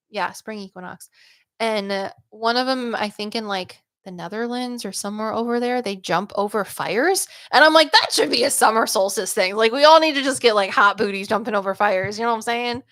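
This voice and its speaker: Woman, casual livestream chat, lots of fillers, mid pitch, dry close sound. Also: a bit bright, dry recording. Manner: chatty and loose, heavy use of "like" and "um", quick laughs. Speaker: psychic medium hosting a livestream. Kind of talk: casual livestream chat reading viewer comments.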